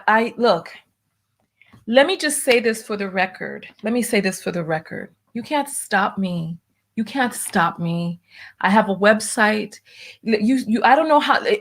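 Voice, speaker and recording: A woman hosting her own livestream show, talking casually and venting her frustration, with many restarts. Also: medium pitch.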